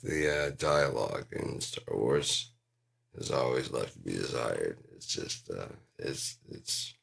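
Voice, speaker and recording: Gravelly deep-voiced man ranting profanely. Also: expressive, slow, fairly bright tone. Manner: swears constantly, jumps between topics, mimics voices. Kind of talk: profane rambling monologue.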